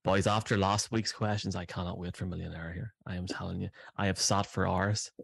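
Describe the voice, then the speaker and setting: A man's voice: sits low, brisk, creaky, no echo, clean studio sound. An Irish man, the show's producer, chatting in playful, teasing podcast banter. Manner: playful, teasing self-flattery. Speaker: show producer.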